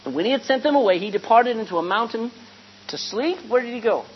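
A woman preaching a sermon with a lively pitch that swoops high and low, her voice set a little high. She acts out scripture scenes as she tells them and keeps asking the congregation for an amen. The recording is dull and lo-fi, with a faint hum underneath. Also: quick pace. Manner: animated storytelling, acting out scripture scenes; asks the congregation questions and calls for amens.

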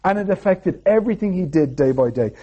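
A man's voice: high-pitched, animated, fairly quick, warm tone, slightly rough. A man preaching a sermon, telling a personal story in a chatty way and often checking in with "okay?". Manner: chatty, keeps adding "okay?".

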